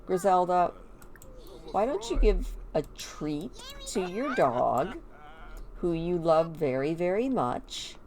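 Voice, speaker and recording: Woman game commentator, chatty and animated, slow delivery, lively pitch. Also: crowd noise. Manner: chatty, animated, talks to her characters. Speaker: gameplay commentator.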